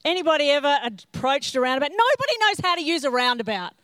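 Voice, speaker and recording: High-voiced woman preaching. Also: quick pace, no room sound. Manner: self-mocking humorous storytelling; animated, acts out scenes in character. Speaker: pastor. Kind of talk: sermon.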